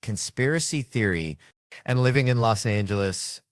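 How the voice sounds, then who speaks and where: An American man, a comedian guest, telling stories in a casual, rambling, self-mocking way with quick asides. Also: medium pitch, animated, no echo, clean studio sound. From United States. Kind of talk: casual storytelling chat.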